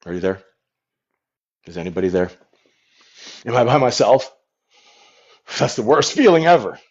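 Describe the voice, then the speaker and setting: A man's voice: medium pitch, big pitch swings, moderate pace, darkish tone. A man in a comedic livestream, rambling and boasting to his viewers, talking into a phone held at arm's length. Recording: dull lo-fi phone stream.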